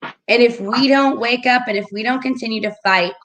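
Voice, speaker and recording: A woman's voice: fairly high pitch, moderate pace, fairly bright tone, slight background noise, poor audio. A woman co-hosting an online morning show, speaking emphatically and checking in with "okay?" as she lectures. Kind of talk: impassioned livestream talk.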